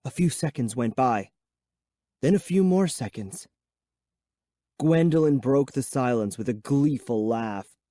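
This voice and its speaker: Man reading a spooky kids book, slow and mellow, dry close sound. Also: mid-range voice, no echo. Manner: measured, suspenseful reading. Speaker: audiobook narrator. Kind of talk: first-person scripted narration of a children's horror book.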